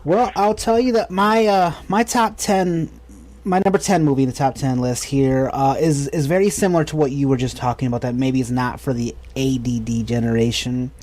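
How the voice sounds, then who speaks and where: Speaking at a normal pace in a steady, darkish mid-range voice, an American man in his thirties co-hosts a podcast. His talk is loose and eager, rambling along with frequent restarts.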